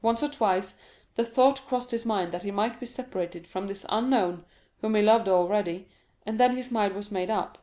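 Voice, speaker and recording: A woman narrates a classic novel as an audiobook in a steady, even read. Her pitch sits at a middle level. Her tone is dark and mellow. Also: moderate pace, few pauses. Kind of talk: scripted narration.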